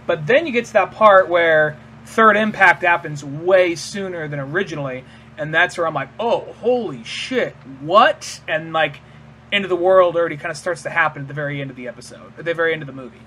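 A man's voice: a little high, fast, sharp tone, slight background noise. A man co-hosting a podcast, rambling in casual chat, laughing and swearing and acting out quotes. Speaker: podcast co-host.

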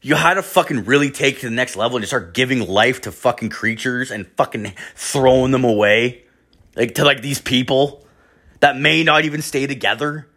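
A man spins a long, rambling story, swearing freely and leaning on "like" as he goes. He talks at a plain middle pitch, loose and unscripted, partly from a bathroom. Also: moderate pace, sharp tone. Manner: rambling, heavy swearing, constant "like" fillers. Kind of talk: casual profane anecdote.

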